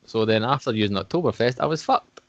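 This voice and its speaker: A man's voice: medium pitch, lively intonation, quick pace, no room sound. A man hosting a podcast quiz in casual chat, swearing freely and teasing the others. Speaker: podcast host running a quiz. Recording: dull lo-fi dry sound.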